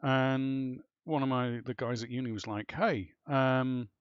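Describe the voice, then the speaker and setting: A man with an Irish accent telling stories in casual chat with friends on a live stream, animated and swearing freely. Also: medium pitch, normal speed, smooth, no echo, muffled recording. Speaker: streamer chatting with clanmates.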